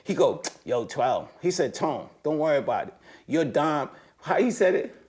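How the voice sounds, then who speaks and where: Male guest, loose street talk, animated storyteller, voice spikes up when excited. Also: moderate pace. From United States. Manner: animated storytelling, slangy and profane, voice rising high when excited. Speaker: interview guest. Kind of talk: casual conversation.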